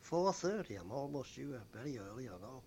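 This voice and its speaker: Old guy rambling about his bus conductor days, lots of uhs, faint rumble behind. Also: big pitch swings, warm tone. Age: older. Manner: rambling, with frequent pauses and fillers. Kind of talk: oral history reminiscence.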